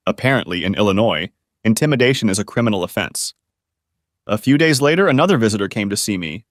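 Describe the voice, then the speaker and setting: A man narrating a first-person revenge story in an expressive reading voice. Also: fairly low pitch, fast talker, no echo, studio quality.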